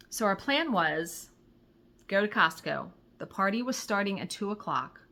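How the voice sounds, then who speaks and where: A middle-aged woman vlogger casually telling a story to her viewers, acting out conversations and swearing when excited. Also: mid-range voice. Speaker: crafting vlogger.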